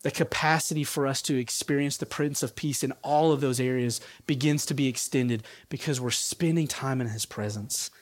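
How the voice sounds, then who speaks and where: A man's voice: mid-range voice, normal speed, few pauses, no echo. A man giving a conversational sermon as a pastor, laughing at his own asides.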